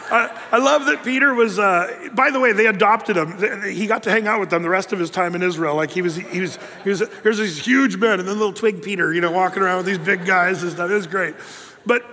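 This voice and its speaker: A male preacher giving a conversational sermon, telling stories in a chatty, folksy, animated way. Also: high-pitched, brisk, slight background noise. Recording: long hall reverb.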